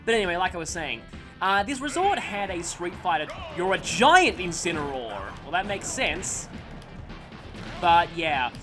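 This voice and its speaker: A man's voice: high voice, sing-song, normal speed. A man casually commenting on a video game he is playing, telling a rambling, self-deprecating childhood story and breaking off to react to the action. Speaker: gaming channel host. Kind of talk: let's play commentary with storytelling. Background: game music.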